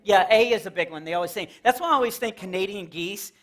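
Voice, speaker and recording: The voice is a man's, high-pitched, fast and a bit bright. He's from Texas and is delivering a playful, conversational comedy set to a live church audience in a fellowship hall, hopping into silly voices for the jokes.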